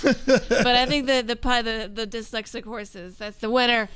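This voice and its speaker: A woman co-hosting a podcast, telling corny jokes in a deadpan way. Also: fairly high pitch, normal speed. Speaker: podcast co-host. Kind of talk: casual chat, telling jokes.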